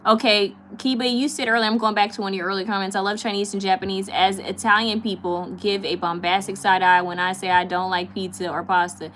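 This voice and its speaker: A woman's voice: medium pitch, fairly even intonation, a bit bright, slight background noise. A woman from California hosting a live stream, chatting casually and giggling as she answers viewer comments. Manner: chatty, giggly, with many fillers and quick repeats.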